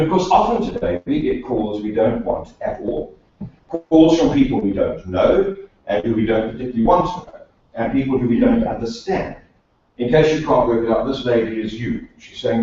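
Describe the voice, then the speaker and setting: A man's voice: medium pitch, animated, normal speed, warm tone. A man from South Africa, a speech and accent coach, giving a prepared talk to a meeting with dry wry humour and rhetorical questions. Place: meeting room of a professional association. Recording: echoey hall, distant dull mic.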